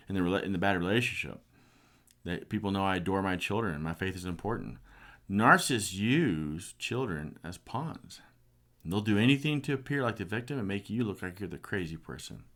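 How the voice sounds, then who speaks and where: Deep-voiced earnest middle-aged man. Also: fairly bright tone. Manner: earnest and passionate. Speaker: speaker sharing a personal story. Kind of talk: personal testimony talk.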